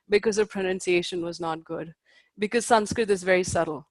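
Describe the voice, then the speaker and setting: An Ayurveda teacher lectures her class in a fairly quick, medium-pitched voice that's fairly bright and fairly even in intonation, with no room sound. She explains patiently with fillers, checks that students understand, and pronounces Sanskrit carefully.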